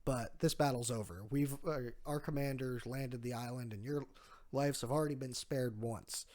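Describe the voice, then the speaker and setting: A man's voice: medium pitch, normal speed, a little mellow, natural voice. A man voicing a bold, protective young warrior who issues a firm warning.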